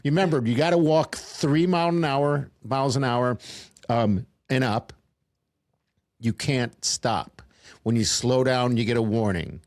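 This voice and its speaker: A man's voice: mid-range voice, measured pace, a little mellow, dry recording. A man co-hosting a podcast, chatting casually and rambling with fillers, laughing often. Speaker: podcast co-host. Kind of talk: casual chat.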